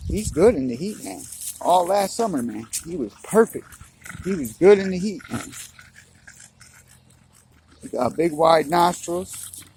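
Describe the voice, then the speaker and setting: A man's voice: on the high side, vocal fry, darkish tone, a little hiss or hum, rough recording. A man chatting casually while walking his dog outdoors, filming on his phone, with a laid-back, chatty manner. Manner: laid-back, chatty, full of "you know what I'm saying". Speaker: dog owner vlogger. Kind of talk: casual walk-and-talk vlog.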